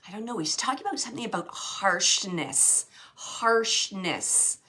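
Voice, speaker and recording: Slow, bright-voiced woman medium. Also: medium pitch, lively intonation. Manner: halting, searching, many fillers and restarts; relays spirit messages to the sitters. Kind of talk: live mediumship reading.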